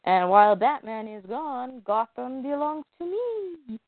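A woman's voice: high-pitched, animated, a little slow, no echo. A woman voicing a gleeful, taunting male clown villain in a mocking sing-song manner. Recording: tinny phone-like dry sound.

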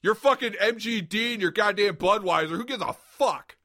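A man's voice: high-pitched, moderate pace, bright, forceful tone. A man hosting a podcast in casual banter, ranting with plenty of swearing and frequent laughter. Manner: profane, ranting, laughs often. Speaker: podcast host.

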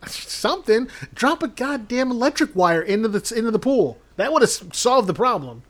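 A man's voice: very high-pitched, sing-song, moderate pace, a bit bright. A man co-hosting a comedy podcast, casually retelling a movie plot in a rambling way and laughing as he goes. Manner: rambling, laughs through his own storytelling. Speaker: podcast co-host.

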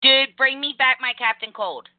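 A woman hosting a casual podcast chat, blunt and animated, swearing casually. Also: high voice, moderate pace, no room sound. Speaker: podcast host. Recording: phone-like narrow sound, dry.

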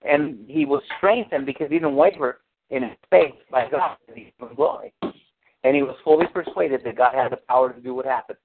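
A man leads an informal Bible study in a medium-pitched, animated voice with vocal fry, speaking a little fast. He preaches with emphasis, says things more than once and cites scripture, heard over a tinny phone line with faint noise.

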